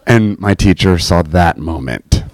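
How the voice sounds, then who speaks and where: Speaking a little slowly in a low voice on a dry recording, a young man tells listeners about his own faith journey. He's casual, lively and pokes fun at himself, frequently asking "right?".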